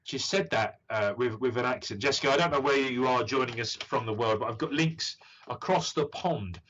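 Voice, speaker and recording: A man's voice: mid-range voice, moderate pace, fairly bright tone. A British man in his thirties, a psychic medium hosting a live stream reading, encouraging and rambling with lots of fillers. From United Kingdom. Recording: dull lo-fi stream audio.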